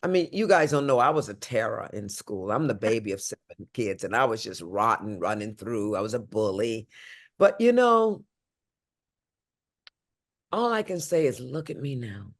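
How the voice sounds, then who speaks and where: Expressive older woman, big swings in pitch. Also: moderate pace. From St. Louis, USA. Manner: expressive, swinging from high exclamations to low hushed tones. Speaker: guest. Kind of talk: emotional interview talk.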